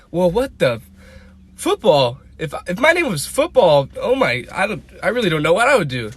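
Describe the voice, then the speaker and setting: A man recounts a funny mix-up in a casual, animated tone. His voice sits slightly higher than most men's. He sounds honestly baffled as he tells it. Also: normal speed, husky. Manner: incredulous, animated telling of an anecdote. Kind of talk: casual storytelling to camera.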